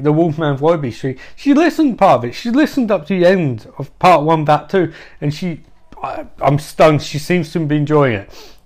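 A man hosting his own podcast, rambling through a comic monologue. He breaks off mid-thought, corrects himself and drops in profane asides. His voice sits slightly higher than most men's. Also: darkish tone. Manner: rambling and self-interrupting, with swearing and asides. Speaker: podcast host.

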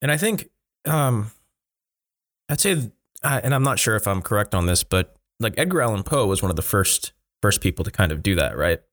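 A man hosting a podcast in a relaxed way, laughing as he tells anecdotes and filling his speech with likes. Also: lowish voice, brisk. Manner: frequent likes and restarts. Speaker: podcast host. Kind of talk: casual podcast interview.

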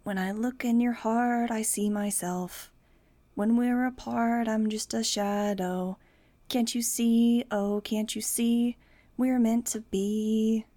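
A woman voicing a young man who croons a love song slowly, in an amateur audiobook reading. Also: fairly high pitch, steady tone, mellow. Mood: crooning. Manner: slow, drawn-out crooning.

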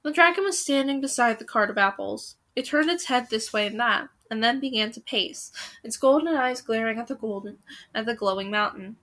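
Woman reading a book out loud, slow tense build-up, bright kinda high voice. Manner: dramatic, suspenseful pacing. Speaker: storyteller.

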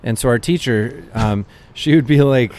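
A man's voice: mid-range voice, moderate pace, a little hiss or hum. Male comedian, chatty anecdote-teller with a middle-range voice and loose, filler-heavy delivery. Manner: animated anecdotes with frequent fillers. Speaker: comedian guest. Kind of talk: casual storytelling chat.

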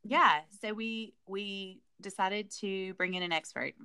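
A woman's voice: medium pitch, measured pace, bright, forceful tone, clean tone. A woman co-hosting a podcast in casual chat, talking about her son, often laughing and trailing off. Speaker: podcast co-host.

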